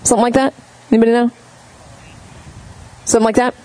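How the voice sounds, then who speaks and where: Woman pastor, chatty sermon delivery, animated storyteller who asks the room questions. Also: fairly high pitch, fast talker, poor audio.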